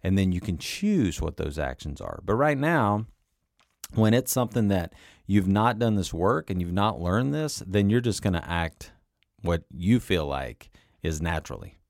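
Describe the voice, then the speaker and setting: A middle-aged man with a very low voice, coaching other men in a relaxed, conversational way. He keeps checking in with his listeners by asking "right?" and "okay?". The recording is close and dry, with no room sound. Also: moderate pace, creaky, no echo. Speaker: men's coach. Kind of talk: coaching talk to camera.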